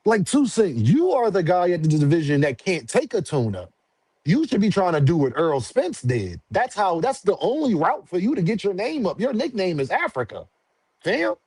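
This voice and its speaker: A man's voice: high voice, normal speed, slightly rough, no echo. A man on a casual livestream, talking boxing in heavy slang and answering his chat directly. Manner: slangy, animated, talks back to chat. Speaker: boxing commentary streamer.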